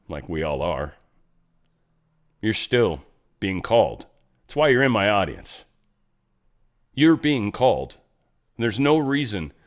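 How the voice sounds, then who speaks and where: A man's voice: medium pitch, a bit bright. A man hosting his own show, giving casual, loose commentary with many fillers and asides. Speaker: show host.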